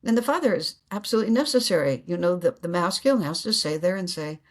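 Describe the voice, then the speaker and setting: Husky-voiced woman telling spiritual stories. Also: on the low side, animated, quick pace. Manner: earnest, laughs often, acts out inner dialogue. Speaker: guest. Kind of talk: reflective spiritual storytelling.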